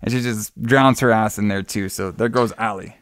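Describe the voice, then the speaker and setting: A man's voice: fairly low pitch, fairly even intonation, normal speed, a bit bright, no echo, clean studio sound. Rambling profane man recapping a movie. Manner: rambling, profane, acts out quotes with laughs. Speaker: podcast co-host recapping a movie. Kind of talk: casual movie recap chat.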